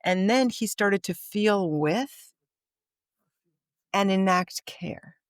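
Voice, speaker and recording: A woman's voice: mid-range voice, slow, clean tone, no room sound, studio quality. A woman guest on a podcast, telling a story in conversation and acting out the dialogue of the people in it. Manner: vivid anecdote teller, acts out quoted dialogue.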